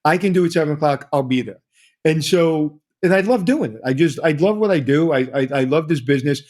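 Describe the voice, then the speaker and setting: A man's voice: fairly high pitch, fairly quick. A middle-aged man, a hotel consultant telling stories energetically in an interview, repeating himself as he talks. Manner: energetic storyteller, repeats himself, quotes others. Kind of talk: conversational interview.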